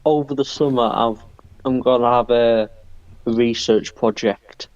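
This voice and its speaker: A man's voice: medium pitch, fairly even intonation, unhurried, darkish tone, no echo, highs cut off. A young man answering briefly and hesitantly in a casual podcast chat. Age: young adult. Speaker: co-host.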